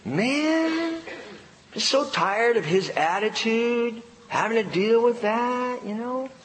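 A man's voice: very high voice, animated, slow pace, a bit bright, slight background noise, voice pushed up, full character voice. A man voicing a grumpy churchgoer who gripes in an exasperated way about other people. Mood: griping. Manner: exasperated, griping. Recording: echoey hall, faint ambience.

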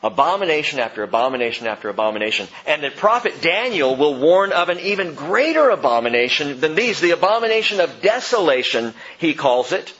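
A man preaching a Bible teaching sermon, reading expressively with loud emphasis and hushed drops. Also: a little high, sing-song, brisk, hardly any pauses, breathy edge, dull audio. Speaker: pastor.

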